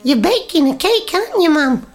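A woman's voice: extremely high pitch, big pitch swings, normal speed, faint music behind. A woman voicing a cheeky, inquisitive young boy in a radio comedy drama, pestering his parents with eager questions.

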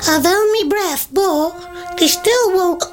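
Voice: very high voice, takes it slowly, music in the background. A performer voicing a whiny young boy with hiccups in a radio comedy. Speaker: son. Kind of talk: radio comedy drama acting.

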